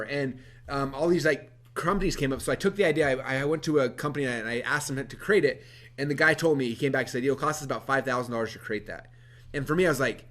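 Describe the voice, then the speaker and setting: A man telling an energetic, animated story from a stage, acting out his past self and laughing often. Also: a little high. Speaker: speaker.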